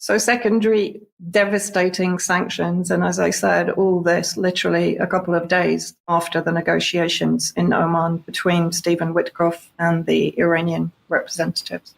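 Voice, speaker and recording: A woman gives steady news analysis. Her voice sits low and stays flat in intonation. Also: moderate pace, vocal fry, few pauses, a little hiss or hum. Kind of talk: news commentary.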